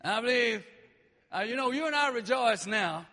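A man preaching a sermon with passion, dropping low and then rising to shouts. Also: animated, moderate pace, long reverb tail. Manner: impassioned, swings between quiet and shouting.

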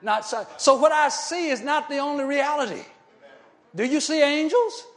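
A male preacher giving a sermon, often asking the congregation short questions and moving between loud shouting and quiet, low talk. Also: animated, moderate pace.

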